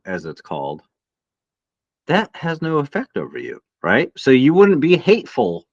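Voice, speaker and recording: A man's voice: medium pitch, no room sound, highs cut off. A man with an American accent, co-hosting a podcast in casual, earnest, philosophizing chat. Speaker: podcast co-host.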